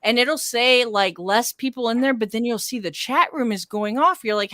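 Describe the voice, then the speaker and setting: A woman who hosts a podcast and radio show, chatting as a guest in a casual conversation over a video call, animated, with quick bursts and lots of fillers. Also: on the high side, dry recording, studio quality.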